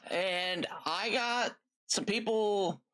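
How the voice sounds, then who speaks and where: A man's voice: sits high, extremely slow, sharp tone. A middle-aged man hosting a livestream, chatting casually in a rambling, friendly way with many fillers and side stories. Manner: gives friendly step-by-step cooking tips to viewers. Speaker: gaming livestream host. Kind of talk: casual chat.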